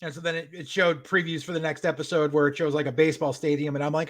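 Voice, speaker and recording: A man co-hosting a podcast, recapping a show in a profane, animated rant. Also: fairly high pitch, quick pace. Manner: profane, animated retelling with acted-out quotes. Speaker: podcast co-host.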